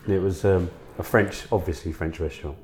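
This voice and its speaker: A man's voice: low voice, fairly even intonation, brisk, a little mellow, a little hiss or hum. A man casually telling anecdotes, swearing and laughing often.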